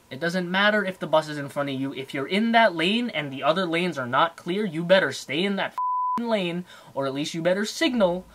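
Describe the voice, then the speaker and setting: A young man telling a story in a casual, heated rant, full of fillers. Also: a little high. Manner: animated, heated, fast with fillers. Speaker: car vlogger.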